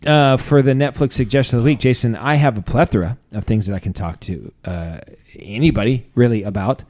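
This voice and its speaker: A male podcast co-host chats casually at an ordinary pitch, often drifting into tangents. He laughs easily and keeps the conversation loose. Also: a little fast, a little mellow. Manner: chatty, laughs often, rambling asides. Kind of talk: casual chat.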